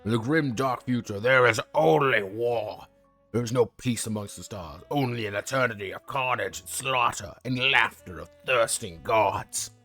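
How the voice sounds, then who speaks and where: A man's voice: mid-range voice, normal speed, a bit bright, faint music behind. A man giving a solemn, grave dramatic scripted narration.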